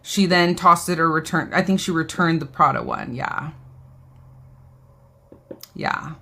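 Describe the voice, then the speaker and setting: A woman's voice: low voice, a little slow, vocal fry, pushed and bright. A woman, hosting a casual live beauty haul, chatting and reading viewer comments aloud. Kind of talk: casual live-stream chat.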